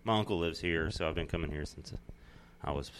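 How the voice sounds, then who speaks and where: A man's voice: a bass voice, fairly quick, slight background noise. A man with a Southern accent, a comedian chatting as a podcast guest. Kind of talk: casual chat.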